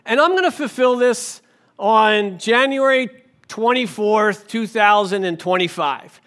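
A man voicing Jesus as a friendly, reassuring caller in a sermon skit, speaking gently and casually. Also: sits high, a little slow, clear, resonant tone. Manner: chatty, gentle, speaking over the phone.

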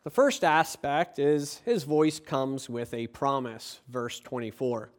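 A man preaching a sermon as pastor, delivering it emphatically with drawn-out phrases and rhetorical questions to his listeners. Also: mid-range voice.

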